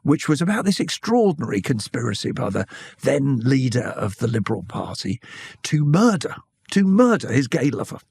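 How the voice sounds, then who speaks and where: A British man in his sixties speaks with a gravelly, husky edge and tells his stories candidly and at a measured pace. The sound is close and dry, with no room around it. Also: medium pitch, sing-song, a little mellow, dry recording. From Britain. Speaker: interview guest, broadcaster. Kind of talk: reflective conversational storytelling.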